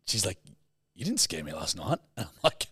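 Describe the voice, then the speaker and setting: A man's voice: sits low, big pitch swings, normal speed, sharp tone, husky, no echo, clean studio sound. A young man co-hosting a podcast, telling a story in casual chat, swearing freely and acting out what people said. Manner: swearing, laughing, acts out quotes. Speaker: podcast co-host.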